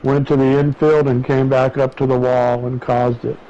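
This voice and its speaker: Male co-commentator, mellow and chatty, slightly higher voice, muffled lo-fi sound. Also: flat delivery, moderate pace. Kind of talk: casual race co-commentary.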